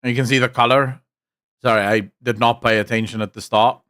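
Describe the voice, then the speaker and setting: A man's voice: medium pitch, fairly even intonation, fairly quick, a bit bright, smooth, no room sound. South African man's dry reaction commentary. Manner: enthusiastic, joking, swears casually. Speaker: streamer reacting to a video.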